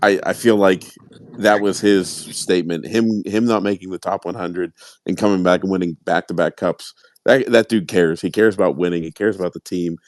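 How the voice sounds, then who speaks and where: A man with a Pittsburgh accent hosting a podcast, talking in a rambling, halting way with many fillers. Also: deep voice, fairly even intonation, a little mellow, no echo. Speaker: podcast host. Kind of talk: casual podcast chat.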